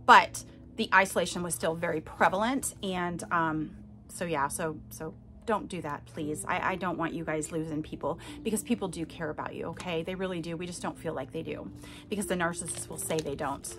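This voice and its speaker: A woman podcast host shares her own story candidly and emphatically, often addressing listeners directly with "okay?" to check in. Her voice is fairly low and brisk, with music in the background.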